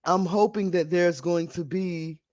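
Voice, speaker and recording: A man with a fairly high voice hosts a casual live stream, chatting to viewers. He rambles a bit and sounds scattered as he works on his setup. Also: steady tone, unhurried, a little mellow. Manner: scattered and chatty, talking to viewers while fixing audio. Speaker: live stream podcast host.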